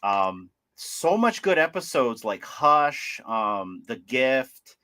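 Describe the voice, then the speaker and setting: A man's voice: medium pitch, big pitch swings, takes it slowly, crowd noise. A man hosting a casual livestream chat, rambling and enthusiastic with lots of fillers. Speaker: livestream host.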